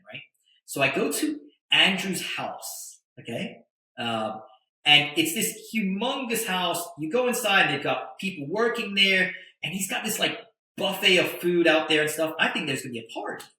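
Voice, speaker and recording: A man, a podcast guest, telling a story in a casual, animated way, with stammered restarts and tag questions. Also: fairly high pitch, moderate pace, heavy reverb, low-quality recording. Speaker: podcast guest, attorney and entrepreneur.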